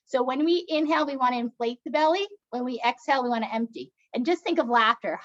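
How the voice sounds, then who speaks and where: A woman's voice: sits high, fast, a bit bright, muffled recording. A woman leading a laughter yoga session as instructor and doctor, coaxing the group along in an upbeat way with bursts of laughing and cheering.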